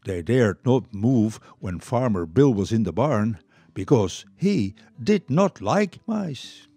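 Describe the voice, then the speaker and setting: An older man whose first language is Dutch, reading a children's story aloud to listeners in an expressive way. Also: on the low side, takes it slowly, breathy edge, no room sound. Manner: lively, expressive, warm read-aloud.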